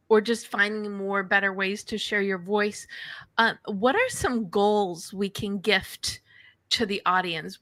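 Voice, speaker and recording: A woman's voice: mid-range voice, bright, forceful tone. A woman hosting a live panel show, enthusiastic as she guides her guests with questions. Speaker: host.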